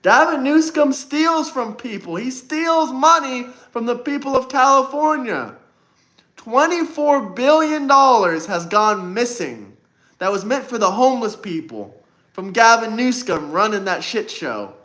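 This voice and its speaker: A man with a high-pitched voice hosts a political livestream. His tone is bright and forceful, and he talks in a combative, boastful way, repeating lines to hammer them home. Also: animated, measured pace. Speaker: livestream host. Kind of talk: political livestream debate talk.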